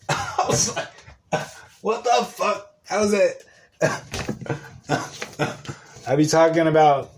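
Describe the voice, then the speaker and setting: A young man giving a casual, profane, rambling monologue and laughing often. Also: on the high side. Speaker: podcast host.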